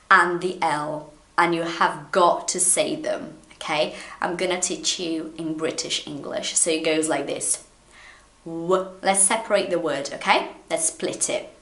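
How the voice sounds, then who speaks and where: A woman whose first language is Portuguese gives an English pronunciation lesson, unhurried and animated. She drags out each word and repeats it to demonstrate, playful throughout. Her voice carries a noticeable room echo. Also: fairly low pitch. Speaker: English teacher. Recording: echoey room.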